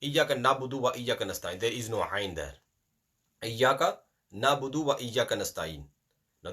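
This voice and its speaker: Man, mid-pitched, bright tone, explains then recites slowly. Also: slightly rough. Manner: explains in English mixed with Hindi, slows right down to recite verses. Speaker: Quran recitation teacher. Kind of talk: online lesson.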